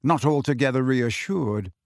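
Brief: male narrator in his thirties, medium pitch, steady storybook reading, dry recording. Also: a little slow, dry recording. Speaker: audiobook narrator. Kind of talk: scripted narration.

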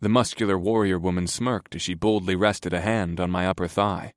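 A man narrating a first-person fantasy audiobook in a steady, even manner. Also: low-pitched, fairly quick, no echo, studio quality.

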